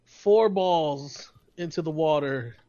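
A man with a fairly high voice rambles through a story on a casual podcast, laughing often and tripping over his own restarts. The sound is dull and lo-fi, a little muffled. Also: slow, mellow. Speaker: podcast co-host. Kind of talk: casual chat.

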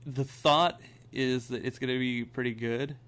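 A man co-hosting a casual chat, laid-back and sweary, quick to laugh. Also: mid-range voice, fairly even intonation, fairly bright tone.

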